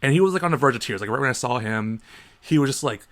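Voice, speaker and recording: A man co-hosting a casual podcast, telling animated stories and acting out the people in them. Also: fast. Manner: animated storyteller, acts out other people in a high voice. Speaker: podcast co-host.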